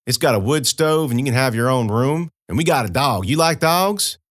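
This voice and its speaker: Audiobook role: a plainspoken, kind young farm woman with a folksy drawl, voiced by a man lifting his pitch, dry studio sound. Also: expressive, moderate pace, a bit bright, no echo, lightly acted. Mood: coaxing.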